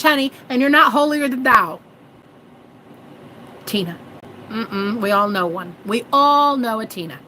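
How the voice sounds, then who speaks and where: Sassy woman coach in her 30s, fairly high voice, preachy and profane. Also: fairly bright tone, slight background noise, low-quality recording. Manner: sassy and preachy, calls viewers girl and honey; swears freely. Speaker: manifestation coach. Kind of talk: casual vlog monologue.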